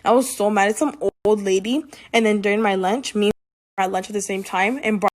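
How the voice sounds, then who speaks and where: A young woman telling a personal story in a casual vlog, rambling and filling every pause with "like.". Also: mid-range voice, steady tone. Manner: rambling, heavy use of "like". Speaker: vlogger.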